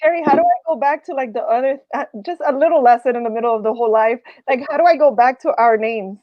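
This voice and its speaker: A woman co-hosting a casual live-stream chat with a high voice. She teases her co-host and guest in a playful way. The sound is dry and close. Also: fast talker, no echo, muffled recording. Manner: playful, teasing.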